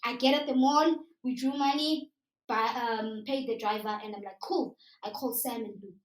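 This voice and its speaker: A young South African woman with a South African accent telling a story live to an audience in an animated, chatty way, slipping into local words. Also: fairly high pitch, normal speed. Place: live event room. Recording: roomy sound from a distant mic.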